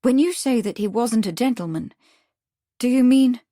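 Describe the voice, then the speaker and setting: A woman voicing a spirited young Victorian woman hiding from the police, speaking briskly and with urgency. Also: fairly high pitch, expressive, mellow, dry recording, studio quality, voice pushed up. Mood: lively.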